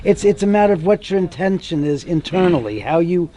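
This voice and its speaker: A homeowner giving a tour, telling stories in an animated way and acting out the quoted voices of other people. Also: male voice, high voice, fairly quick. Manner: acts out quoted dialogue, rambling with restarts. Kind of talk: animated storytelling.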